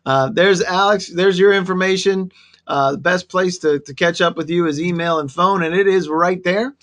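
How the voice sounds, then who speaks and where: Guy hosting a webinar, kinda high voice, friendly, just reading off links and resources. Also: normal speed. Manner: friendly, lists web resources in a steady presenter tone. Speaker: webinar host. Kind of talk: online briefing presentation.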